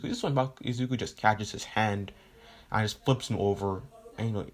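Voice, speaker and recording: A man's voice: fairly low pitch, moderate pace. A man casually retelling a fan story, rambling and leaning on fillers like "right?" and "you know", with the odd swear.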